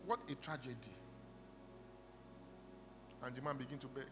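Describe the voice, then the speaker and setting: A man preaching a sermon in a church, retelling a parable and praying aloud, swinging from quiet storytelling to loud bursts of prayer. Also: medium pitch, fairly even intonation, fairly quick, long pauses, background noise. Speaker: pastor. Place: church hall. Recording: reverberant hall with music behind. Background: instrumental music.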